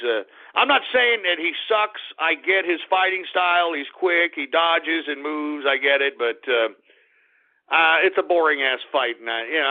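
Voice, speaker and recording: A middle-aged man hosting a talk radio show, ranting in a blunt, crude, opinionated way. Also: high voice. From Texas. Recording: tinny phone-like radio audio.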